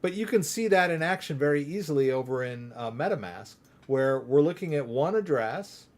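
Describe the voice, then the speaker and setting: A man from the United States hosting a live crypto Q&A, talking casually and rambling as he demos software and asks "right?" again and again. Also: on the high side, lively intonation, normal speed. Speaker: crypto livestream host. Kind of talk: casual live Q&A with screen demo.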